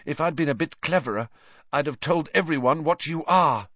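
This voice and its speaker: A man voicing a clever teenage girl who shrieks accusations in a high, breathless voice. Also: moderate pace, a bit bright, no echo, muffled recording. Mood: quiet.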